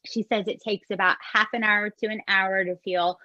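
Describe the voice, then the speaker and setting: A woman co-hosting a podcast, chatting in an expressive way and often asking "right?". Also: mid-range voice, moderate pace, no echo, muffled recording. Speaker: podcast co-host. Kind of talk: casual chat recapping a show.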